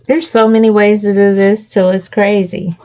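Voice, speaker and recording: A woman's voice: medium pitch, flat delivery, moderate pace, warm tone. A woman hosting a crafting tutorial, walking viewers through each step and checking in with them often.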